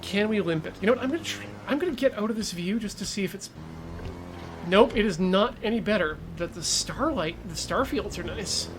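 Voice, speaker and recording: A man's voice: high-pitched, expressive, a little fast, over music. A man streaming a sim racing game, chatting casually, coaching himself and joking with viewers. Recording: game car engine noise underneath. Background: racing game engine and track sounds.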